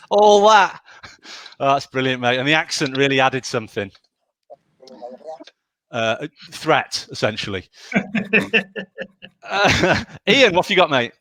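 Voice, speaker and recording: Bright-voiced man hosting a live show. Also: mid-range voice, big pitch swings. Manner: chatty, laughs easily, quick asides. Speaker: host of an online pun contest.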